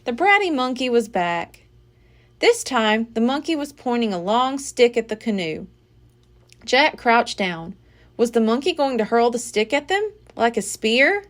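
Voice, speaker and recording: A woman reading a children's book aloud as a library storyteller, with an expressive, dramatic delivery. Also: on the high side, measured pace.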